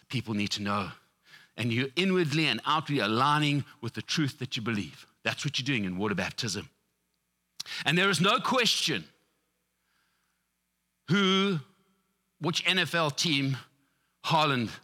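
A middle-aged man preaching a sermon to his church, telling lively stories with acted-out quotes. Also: mid-range voice. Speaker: pastor.

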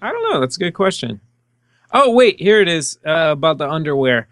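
Jokey man, higher-pitched, dry mic. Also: sing-song, brisk, a bit bright, no echo. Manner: jokey, acts out scenes in quoted voices. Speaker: podcast host. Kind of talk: casual movie podcast chat.

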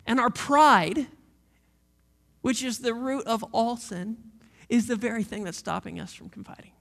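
A man in his thirties preaching a sermon as a pastor, passionate and repetitive, dropping from loud emphasis to hushed near-whispers. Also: very high-pitched, a little slow, creaky.

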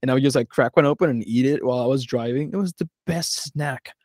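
A man's voice: mid-range voice, quick pace, a little mellow, dry recording, studio quality. A young man from Philadelphia telling a road-trip story in a casual podcast chat, rambling and laughing as he acts out the people he met. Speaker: podcast co-host.

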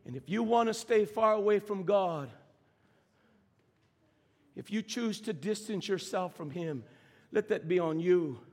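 A man preaching a sermon as pastor, swinging from shouting to near whisper. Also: high voice, lively intonation, a little slow, long reverb tail.

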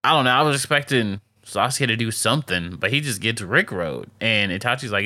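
Bright, slangy man recapping anime. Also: lowish voice, expressive, a little fast, hardly any pauses, dry recording, clean studio sound. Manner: slangy, laughing, lots of "like". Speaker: podcast co-host. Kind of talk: casual anime recap chat.

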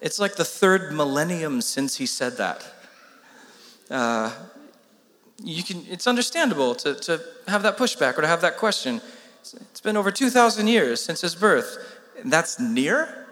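A man's voice: on the high side, big pitch swings, normal speed, sharp tone, big-room sound. A man preaching a sermon with urgent emphasis, asking the congregation rhetorical questions. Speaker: pastor.

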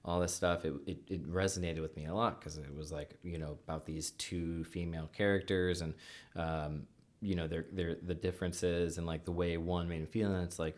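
Low-voiced man telling rambling stories. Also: little pitch movement, moderate pace, a little mellow. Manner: rambling storyteller, acts out quotes. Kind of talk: casual chat.

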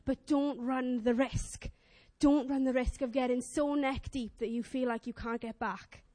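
Earnest young woman preaching, high voice. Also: unhurried, no room sound. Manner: chatty storytelling, earnest, animated, acts out voices. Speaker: lay preacher. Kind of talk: sermon.

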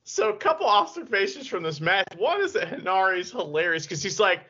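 Animated bright-voiced man, podcast co-host. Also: sits high, brisk. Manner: animated, laughing, mock-serious. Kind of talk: casual chat reviewing wrestling. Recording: dull lo-fi podcast audio.

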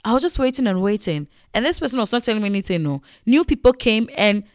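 Animated woman. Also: a little high, fast, no echo, studio quality. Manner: animated, chatty, many fillers. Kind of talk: casual storytelling vlog.

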